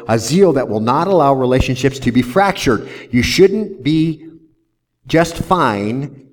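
A man pastor preaching a verse-by-verse sermon in an earnest manner, often tagging "see?" onto his points. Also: mid-range voice.

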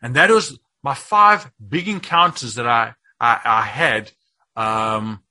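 A man giving a testimony as a guest speaker at a Bible study, telling a story with frequent restarts and rising to shouts at its peaks. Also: medium pitch, takes it slowly. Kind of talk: testimony sermon.

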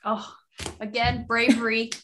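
A woman's voice: a little high, flat delivery, measured pace, a bit bright, slight background noise. A woman hosting a podcast interview who praises her guest with emphatic repetition. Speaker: podcast host. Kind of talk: interview conversation.

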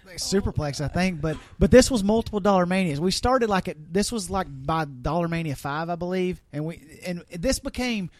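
Man, wrestler guest, high voice, dry close sound, wry quick asides. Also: lively intonation, dry recording. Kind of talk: casual chat.

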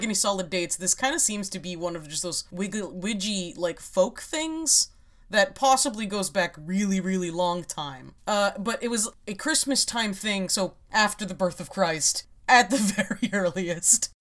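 A woman's voice: mid-range voice, expressive, unhurried, fairly bright tone. A woman hosts a casual podcast chat. She explains her topic in a wry, rambling way, with frequent laughs. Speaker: podcast host.

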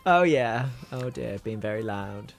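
A man's voice: lowish voice, lively intonation, unhurried, vocal fry. A man with a Wolverhampton accent hosting a casual podcast chat, joking, teasing and swearing casually. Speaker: podcast host.

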